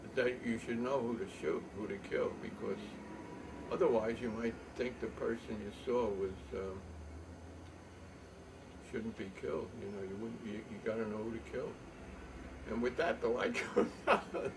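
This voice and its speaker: An older man telling a long rambling story, halting with many ums and restarts. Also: fairly low pitch. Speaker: poet and storyteller. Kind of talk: rambling spoken reminiscence. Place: home loft. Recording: distant mic, faint room noise.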